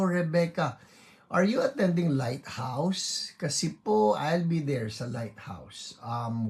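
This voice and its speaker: A man's voice: fairly high pitch, creaky. A man with a Filipino accent, a pastor hosting an online service, playfully greeting viewers by name and teasing them as he goes, slipping between English and Tagalog. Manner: playful, reads viewer names aloud and teases. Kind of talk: casual livestream greetings to viewers.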